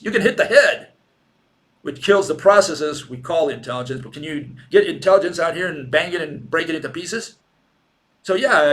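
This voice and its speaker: A man with a slightly high, somewhat bright voice and a Latin American Spanish accent gives an informal lecture. He is sardonic and argumentative, firing off rhetorical questions and mocking the people he quotes.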